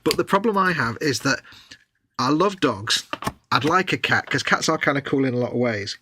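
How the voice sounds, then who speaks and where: A man chatting on a live stream, joking and teasing his co-host. His voice is bright and forward with a husky edge. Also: medium pitch, lively intonation, normal speed, dry recording. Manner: jokey, teasing, goes off on silly tangents. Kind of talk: casual chat on a live stream.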